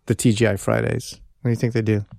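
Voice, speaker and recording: A man co-hosting a podcast in laid-back casual banter, chuckling often and bursting into high mock shouts. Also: level tone, fast talker, vocal fry, no room sound, studio quality. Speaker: podcast co-host.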